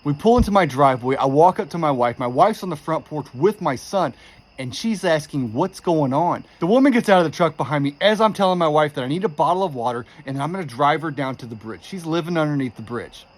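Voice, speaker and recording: A man telling a creepy true story in a casual, animated way, quoting the people in it with exasperation. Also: fairly high pitch, a little fast. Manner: animated, exasperated retelling with quoted dialogue.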